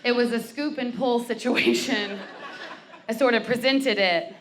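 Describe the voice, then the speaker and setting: A woman's voice: a little high, measured pace, a little hiss or hum. A young woman performing a bawdy stand-up set on a brewery stage, telling stories with acted quotes. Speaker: stand-up comic. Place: brewery comedy stage before a live crowd.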